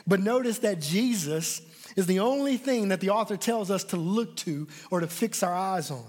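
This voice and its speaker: Brief: emphatic male preacher, high voice, sermon with a long hall echo. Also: lively intonation, moderate pace, darkish tone. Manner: emphatic, repeats words when stressing points.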